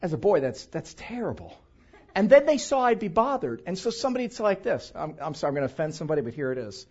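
A man's voice: fairly high pitch, big pitch swings, fast, a little mellow, husky. An older man preaching a sermon, telling humorous self-mocking stories about his family. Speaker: pastor. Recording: dull lo-fi recording.

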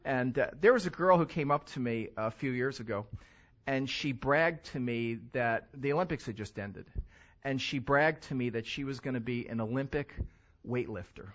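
An older man preaching a sermon as a pastor, animated, with loud emphatic stretches and quiet asides. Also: medium pitch, moderate pace, muffled recording.

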